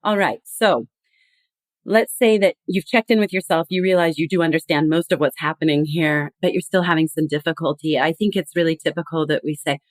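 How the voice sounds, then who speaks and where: Casting: lower-voiced woman, earnest podcast guest, dry close sound. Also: fairly quick, dry recording. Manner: earnest, explanatory, acts out quoted phrases. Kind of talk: conversational podcast interview.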